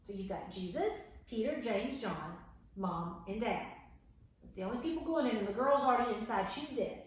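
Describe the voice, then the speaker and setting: Loud, lively woman teaching children. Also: on the high side, normal speed. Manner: animated, acts out voices of the story characters; talks loud to reach the camera. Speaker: children's Bible class teacher. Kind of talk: storytelling lesson for children. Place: room, camera across the room. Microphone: far camera mic. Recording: very echoey room, camera far off.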